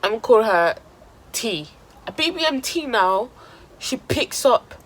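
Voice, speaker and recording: A woman's voice: fairly high pitch, sing-song, unhurried, low-quality recording. A woman telling a dramatic story in casual slang for her vlog. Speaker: vlogger.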